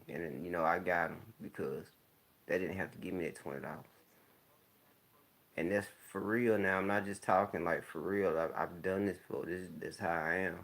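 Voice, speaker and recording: A man with a deep, gravelly voice talks in a loose, unhurried monologue. He speaks candidly and keeps clearing his throat as he goes. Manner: laid-back, rambling, candid talk with frequent throat clearing. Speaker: vlogger. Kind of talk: casual monologue to camera. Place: home, smoking while talking.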